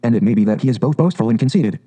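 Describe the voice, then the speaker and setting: A man voicing a cheerful, good-natured male water rat from a storybook, talking in a brisk, hearty, chatty way. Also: medium pitch, animated, warm tone, close to an everyday voice, poor audio.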